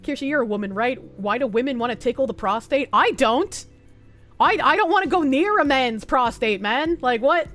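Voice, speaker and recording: High-voiced Boston woman chatting casually. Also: animated, a bit bright, faint music behind. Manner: loose, profane, quick to laugh. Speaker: streamer. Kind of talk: casual chat reading viewer comments.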